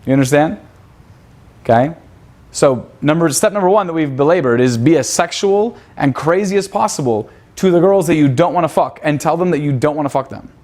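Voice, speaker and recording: A man's voice: fairly high pitch, fairly quick, darkish tone. A man teaching a seminar class in a crude, profane manner. He quizzes his students and acts out pickup lines. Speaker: seminar instructor.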